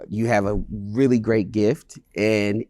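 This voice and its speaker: Mellow, affirming man hosting an interview. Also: fairly low pitch, fairly even intonation, slow pace, dry recording, clean studio sound. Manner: affirming and encouraging, with frequent backchannel agreement. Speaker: host. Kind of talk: conversational interview.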